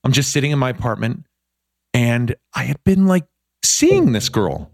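A middle-aged man, a podcast guest, telling a story in a casual chat, animated and self-deprecating. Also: medium pitch, moderate pace, vocal fry.

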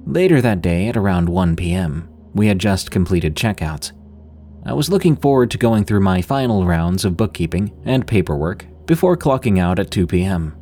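A man narrating a first-person work story in a steady, scripted storytelling delivery. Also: sits low, normal speed, a little hiss or hum. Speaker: podcast narrator.

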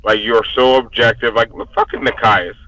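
A man's voice: medium pitch, steady tone, normal speed, bright, forceful tone, low-quality recording. A man on a casual podcast, drunk and heated, ranting with constant profanity. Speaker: podcast guest.

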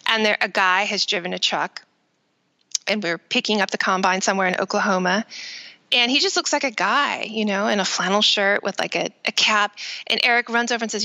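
A woman author talks through anecdotes in an interview, slipping into quoted exchanges as she goes. Her voice is bright and forward, and her pitch sits in the middle range. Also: a little fast. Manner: animated storytelling with quoted dialogue. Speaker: author and guest. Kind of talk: interview conversation.

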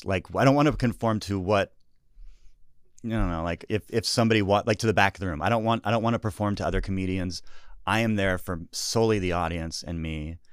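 A man's voice: deep voice, smooth, no room sound, studio quality. An American man, a stand-up comedian, talking casually and earnestly about his craft, often restarting his sentences. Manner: rambling, self-interrupting, earnest. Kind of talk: casual podcast chat.

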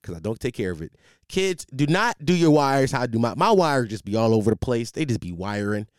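Lively man, tired podcast monologue. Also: medium pitch, fairly quick, clear, resonant tone, no room sound, studio quality. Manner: animated, profane, rambling with restarts. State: tired, sleepless. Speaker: podcast host. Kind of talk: casual storytelling monologue. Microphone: studio microphone.

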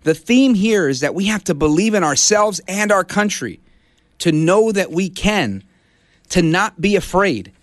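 A middle-aged man from Brooklyn fills in as a talk radio host, rallying his listeners. His voice sits a little high and swings widely in pitch. The studio sound is dry and close. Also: expressive, measured pace, no room sound. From Brooklyn, New York. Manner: impassioned, rallying. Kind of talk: conservative talk radio monologue. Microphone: studio broadcast mic.

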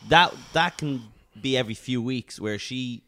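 A man's voice: mid-range voice, moderate pace, pushed and bright. A man, a guest on a podcast, telling a story in casual chat, hesitant and wry, often repeating words.

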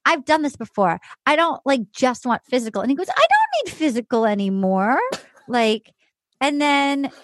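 A woman hosting a podcast, chatting casually and retelling scenes with emphatic, animated storytelling. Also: sits high, dry recording. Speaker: podcast host. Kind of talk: casual chat recapping a dating show.

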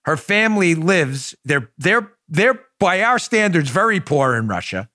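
A man's voice: a little high, very animated, unhurried, pushed and bright, no room sound, studio quality. A man hosting a political commentary show, sarcastic and mocking, emphatic and heated, with jokey banter toward his co-host.

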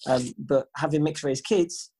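A man co-hosting a podcast, chatting casually and telling an animated story, swearing freely and acting out the voices of people he quotes. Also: fairly high pitch, measured pace, breathy edge. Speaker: podcast co-host. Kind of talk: casual chat.

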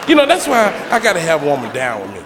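A man doing a stand-up comedy routine, telling slangy, animated stories and acting out the characters. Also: a little high, fast. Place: comedy stage before a live audience. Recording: live club hall with crowd noise. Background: audience laughter.

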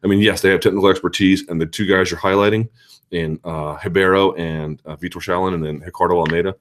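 Low-voiced man ranting on a live chat. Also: quick pace. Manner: animated, ranting, sarcastic. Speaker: host of a live chat show. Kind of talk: casual live-chat commentary, reading viewer questions.

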